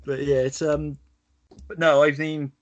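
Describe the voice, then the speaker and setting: A man's voice: fairly high pitch, flat delivery, a little slow, highs cut off. A man hosting a casual chat podcast, easygoing and joking, with a self-mocking streak. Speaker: podcast host.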